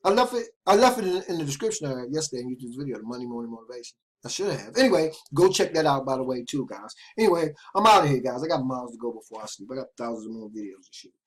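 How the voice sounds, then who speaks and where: A man hosting an internet marketing video, talking straight to viewers in an excited, casual way, keeps checking in with them. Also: mid-range voice, very fast, few pauses. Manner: loose casual phrasing with repeated restarts. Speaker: host of an internet marketing channel. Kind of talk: casual direct-to-camera talk.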